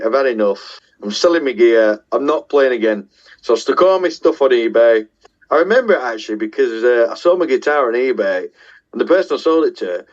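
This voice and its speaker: A man's voice: medium pitch, dull audio. A middle-aged man with a Yorkshire accent, a guest musician telling casual, self-deprecating stories with the odd swear word. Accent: Yorkshire English. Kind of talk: casual storytelling.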